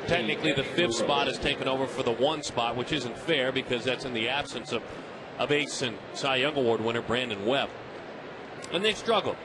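A man calling a baseball game play by play, talkative and teasing, with playful asides between pitches. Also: a little fast, noisy background. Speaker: play-by-play announcer. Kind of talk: live baseball commentary.

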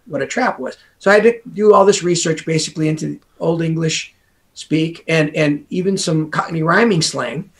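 A man's voice: fairly high pitch, moderate pace, fairly bright tone. An American man, a guest author, talking casually in an interview in a rambling way, full of asides. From United States.

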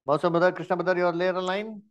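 A man's voice: high voice, steady tone, rapid-fire, dull audio. A man teaching an online Bible study, asking many rhetorical questions and using many fillers.

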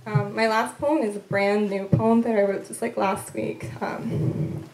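Woman poet from Korea, poetry reading, even and flat delivery, roomy event hall. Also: medium pitch. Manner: measured, deliberate recitation with pauses between lines; soft, tentative asides between poems. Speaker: poet reading her work. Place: event room at a literary venue. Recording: echoey live event room.

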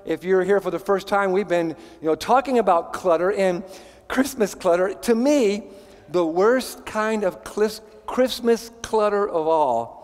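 High-voiced animated male pastor. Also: big-room sound. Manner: animated, conversational, many restarts. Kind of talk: sermon. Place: church sanctuary.

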